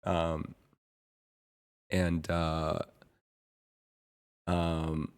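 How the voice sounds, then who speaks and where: A man livestreaming and chatting casually to his viewers, rambling and often pausing to search for words. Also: sits low, completely flat delivery, clean tone. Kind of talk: casual chat to stream viewers.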